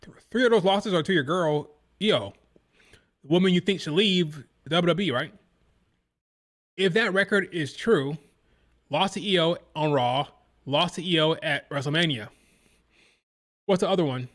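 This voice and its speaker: A man's voice: a little high, a little slow, pauses often, fairly bright tone. A man hosting a live wrestling watch-along, chatting casually and mimicking crowd chants in a sing-song rhythm. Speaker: live stream reaction host.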